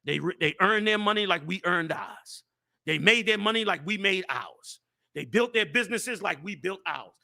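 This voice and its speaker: Fiery high-voiced man, sharp bright tone. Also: lively intonation, moderate pace, creaky. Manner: preachy and impassioned, rising to shouts, then dropping low. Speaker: show host and group leader. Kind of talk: fiery casual talk.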